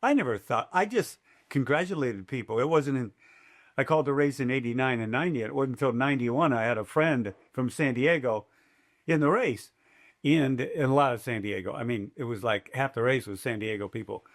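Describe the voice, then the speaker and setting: A man's voice: mid-range voice, brisk. An older man, a race announcer, telling stories in a podcast interview and acting out quotes in a raised voice. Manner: animated, acts out quotes in a raised voice.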